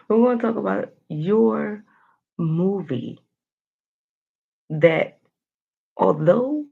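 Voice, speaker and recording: A woman giving a motivational daily vlog, animated and talking straight to her viewers with playful asides. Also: low voice, creaky, slightly rough, phone-quality sound. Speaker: motivational vlogger.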